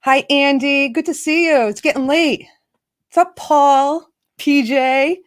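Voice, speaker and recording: A woman's voice: high-pitched, fairly even intonation, takes it slowly. A woman hosting a casual livestream, greeting viewers by name and laughing often. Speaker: livestream host. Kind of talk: casual live chat.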